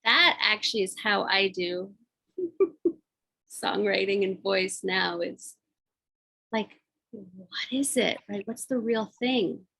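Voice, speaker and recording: A woman's voice: medium pitch, animated, slow, gravelly, long pauses, sharp tone, slightly rough. A woman, a musician and voice coach, talking as a podcast guest in a loose, reflective way full of "like" and "you know". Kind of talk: casual conversation.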